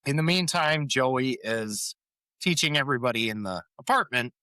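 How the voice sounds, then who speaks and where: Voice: medium pitch, expressive, normal speed, sharp tone, dry recording, studio quality. A podcast co-host in a casual recap chat, laughing often and acting out quoted lines while retelling scenes. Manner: acts out quoted lines in changed voices.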